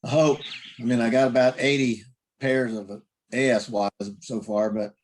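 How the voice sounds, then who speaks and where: Conversational man from North Carolina, mid-pitched voice. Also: fairly even intonation, moderate pace, low-quality recording. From central North Carolina. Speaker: caller with a question.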